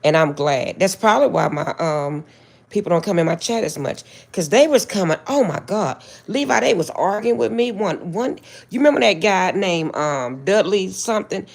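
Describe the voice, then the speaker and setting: Husky older woman chatting on a livestream. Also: lowish voice. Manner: chatty, animated storytelling, drawn-out asides. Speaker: livestream host. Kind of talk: casual livestream chat. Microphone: phone.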